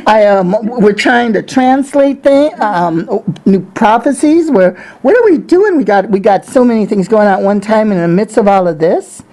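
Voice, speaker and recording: A woman's voice: mid-range voice, lively intonation, moderate pace, few pauses, darkish tone, poor audio. A woman prophetess giving emotional testimony to a congregation, rambling and effusive, with many restarts.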